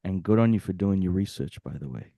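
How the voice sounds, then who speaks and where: A man's voice: low-pitched, expressive, fast talker, no echo, lo-fi sound. A young man from Australia and Bosnia, with a mixed Australian and Bosnian accent, chatting as a guest musician and rambling, often checking that he makes sense. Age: young adult. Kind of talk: casual interview chat.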